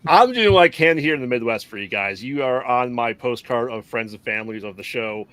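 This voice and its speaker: A man's voice: medium pitch, expressive, brisk, fairly bright tone, poor audio. A man co-hosting a podcast in a casual chat, enthusiastic and supportive. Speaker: podcast co-host.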